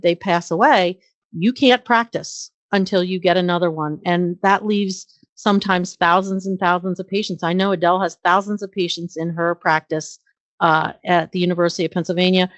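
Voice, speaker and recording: In a dry recording, a middle-aged woman with a fairly low voice appears as an interview guest. She works as a nurse practitioner and tells career anecdotes in an earnest, conversational way, frequently saying um and uh.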